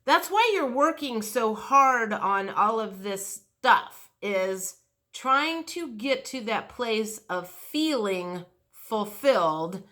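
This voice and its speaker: A middle-aged tarot reader gives a casual, rambling reading, speaking frankly and swearing, with lots of restarts and filler words. Her voice is medium-pitched and a bit bright.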